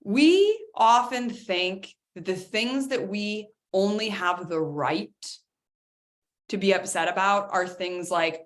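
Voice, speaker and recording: Animated woman hosting a wellness talk. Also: medium pitch, slow. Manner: animated, addresses listeners as guys. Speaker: workshop host. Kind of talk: motivational talk.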